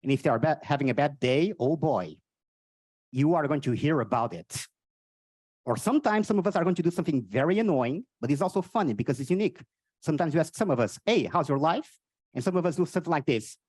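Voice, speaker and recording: A stand-up comic from Portugal speaks English with a Portuguese accent, bouncing between high excited exclamations and low deadpan asides. His pitch moves all over the place. The sound is dry and close, with little room tone. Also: quick pace, no echo. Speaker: stand-up comedian. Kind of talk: stand-up comedy set with crowd work. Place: live comedy venue.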